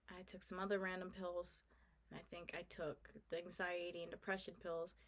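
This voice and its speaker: A young woman telling a personal story in a soft, earnest, confiding way, halting and full of "like" and restarts. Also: medium pitch. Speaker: vlogger. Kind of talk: personal testimony, casual storytelling.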